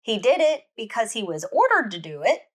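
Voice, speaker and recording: A woman's voice: fairly high pitch, big pitch swings, fairly quick, a bit bright. A woman hosting a book podcast, retelling a novel's plot in a chatty storytelling way with many restarts. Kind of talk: casual book recap.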